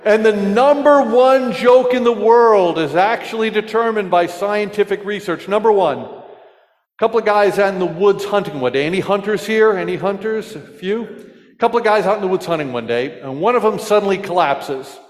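A man preaching a sermon in a church, telling jokes and asking the congregation questions in a lively storytelling manner. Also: high voice, moderate pace, long reverb tail. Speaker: pastor.

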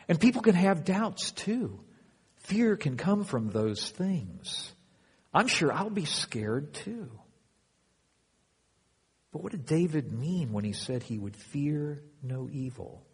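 A man preaching a sermon as pastor to his church, moving from quiet reflection to loud, emphatic passages. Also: medium pitch, husky. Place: church hall. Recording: long hall reverb.

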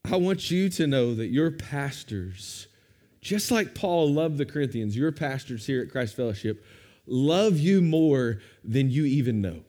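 A man preaching a sermon as pastor, with expressive rises and drops for emphasis. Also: mid-range voice, measured pace.

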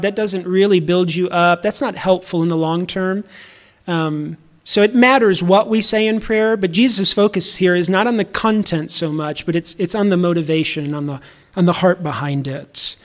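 High-voiced earnest male pastor. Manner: earnest, conversational, repeats words when restarting. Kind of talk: sermon.

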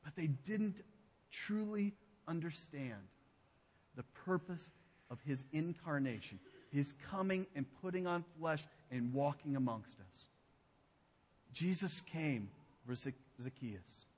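High-voiced pastor preaching in a hall. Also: male voice, animated, unhurried. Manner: emphatic preaching, drops to a hushed low voice on key phrases. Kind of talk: sermon. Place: church sanctuary.

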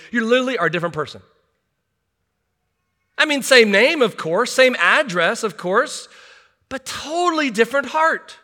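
Middle-aged male pastor delivering a sermon, high and bright, earnest with wry asides. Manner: earnest, rhetorical questions, self-deprecating asides. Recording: long hall reverb.

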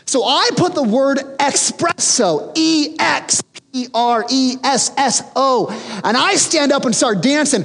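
A man delivers a sermon in a church. His high voice leaps around as he tells a self-mocking story. A long reverb trails behind every line. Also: lively intonation, slow, fairly bright tone. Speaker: pastor.

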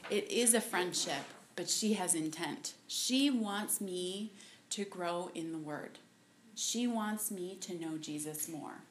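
A woman giving a personal faith testimony to a group, halting and softly emotional, with many pauses and fillers. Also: on the low side, slight background noise. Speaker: speaker at a women's ministry talk.

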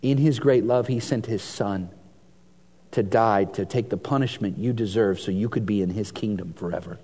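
A man preaching a sermon, reading scripture aloud and swinging between hushed and emphatic delivery. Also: on the low side, moderate pace. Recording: long hall reverb.

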